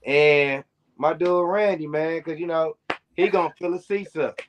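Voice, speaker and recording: A man's voice: a little high, steady tone, measured pace, a little hiss or hum. Easygoing drawling man comedian. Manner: easygoing, drawling, laughs loudly. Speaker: comedian contestant. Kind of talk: casual comedy chat. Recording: dull lo-fi stream audio.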